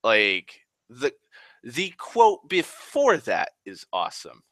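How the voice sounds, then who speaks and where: A man rambling casually on a live stream, excitable and sweary, sighing often. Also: mid-range voice, slow pace, no echo. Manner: excitable, profane, sighs often.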